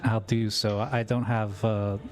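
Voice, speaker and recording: A man's voice: fairly low pitch, flat delivery, unhurried, a little mellow, soft background music. A man playing a tabletop role-playing game, tentatively describing his character's actions. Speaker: player.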